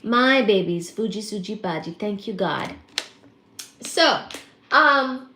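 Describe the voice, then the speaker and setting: A woman hosting a casual live stream, chatting and greeting viewers by name with excited exclamations. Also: medium pitch, slow pace, roomy sound, slight background noise. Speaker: livestream host.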